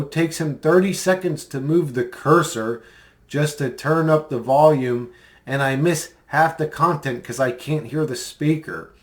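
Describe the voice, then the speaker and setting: A man in a casual commentary vlog, rambling and mocking, with many fillers as he replies to comments. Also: fairly high pitch. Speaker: video creator replying to comments.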